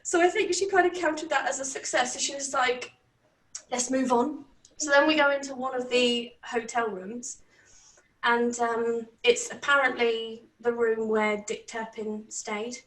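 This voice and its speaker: A woman with a British accent telling a story in a casual, animated way, laughing often and swearing. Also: fairly high pitch, unhurried. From Britain. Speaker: channel host. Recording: roomy, distant from mic.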